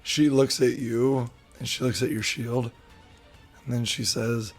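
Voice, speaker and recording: A man's voice: medium pitch, fairly even intonation, measured pace, soft background music. A man running a tabletop role-playing game as game master, describing scenes in loose, filler-heavy narration.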